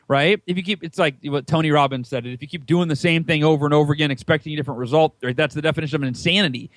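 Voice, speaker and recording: American guy in his 30s on a podcast, high-ish voice, dry sound, acts out quotes when he tells the story. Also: rapid-fire, hardly any pauses, no room sound. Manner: animated, acts out quoted dialogue in a higher voice. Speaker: podcast guest, author. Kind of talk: casual storytelling interview.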